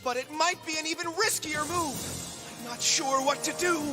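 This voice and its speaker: A man's voice: very high-pitched, normal speed, music in the background. A resolute young boy hero. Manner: earnest, resolute. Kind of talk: cartoon dub acting.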